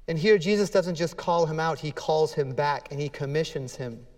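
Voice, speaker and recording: A man's voice: on the high side, moderate pace, big-room sound. A man preaching a sermon as pastor, earnest and emphatic, acting out scripture dialogue with feeling.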